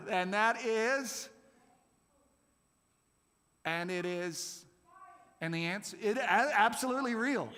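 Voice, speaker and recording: High, animated man in a reverberant hall. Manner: animated, jokey, laughs often. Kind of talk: playful quiz with a youth group. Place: church service room.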